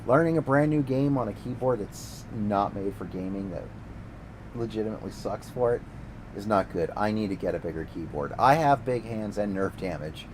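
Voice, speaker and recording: A man's voice: fairly low pitch, darkish tone, slight background noise, low-quality recording. A man streaming a game, ranting casually and sarcastically with plenty of swearing. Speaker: gaming streamer. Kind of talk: casual ranting commentary while gaming.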